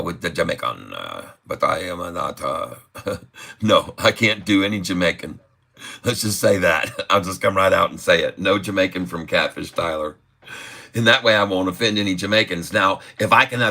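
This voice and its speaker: Man, live stream host, rambling, excitable, lowish pitch, bright forceful voice. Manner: rambling, excitable, laughs often. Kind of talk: live stream chart commentary.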